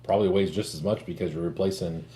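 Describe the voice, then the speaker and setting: A man co-hosting a casual livestream chat, joking around and jumping into loud, animated bursts. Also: deep voice, fast. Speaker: co-host of a livestream.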